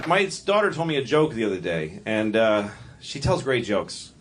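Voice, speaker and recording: On the low side and fairly bright in tone, this comedian's voice is very animated at a moderate pace. Performing to a club audience, he rambles, cuts himself off, and does character voices, captured in a noisy live recording.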